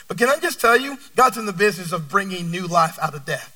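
A man in his thirties delivers a sermon in a strikingly high, piercing and bright voice. He swings between loud, emphatic lines and hushed ones. He sounds a little distant from the microphone. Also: expressive, quick pace. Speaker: pastor. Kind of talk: sermon with personal story.

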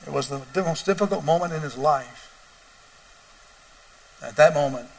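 A male pastor preaching a sermon, moving from quiet storytelling to loud, wailing emphasis. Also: medium pitch, fairly even intonation, moderate pace, creaky, pauses often, far from the mic.

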